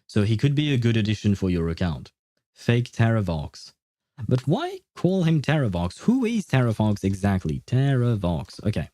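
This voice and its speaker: A man's voice: fairly low pitch, big pitch swings, moderate pace, warm tone, no room sound, studio quality. A man streaming a game, chatting casually and thinking aloud with many fillers and restarts. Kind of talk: casual livestream chat.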